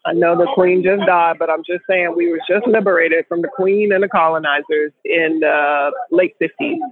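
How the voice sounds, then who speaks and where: Animated woman storyteller over a phone line. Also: on the low side, moderate pace, no room sound. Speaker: guest co-host. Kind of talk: casual chat on a group call.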